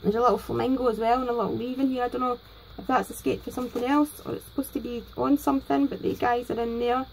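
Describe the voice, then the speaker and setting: Scottish lady crafter vlogging, high voice, excited and kinda nervous, chatty. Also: fast, gravelly, low-quality recording. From Scotland. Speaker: crafting channel host. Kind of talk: casual unboxing vlog.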